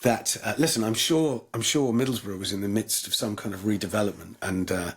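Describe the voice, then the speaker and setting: A man's voice: lowish voice, brisk, slightly rough. An English man telling stories as a guest in an interview, rambling with many restarts. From England. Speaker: guest musician. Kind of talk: anecdotal interview chat.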